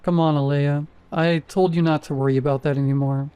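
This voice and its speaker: A man voicing a gentle young husband who talks in a soft, coaxing way to his frightened wife. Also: fairly high pitch, fairly even intonation, a little fast, smooth, lightly acted.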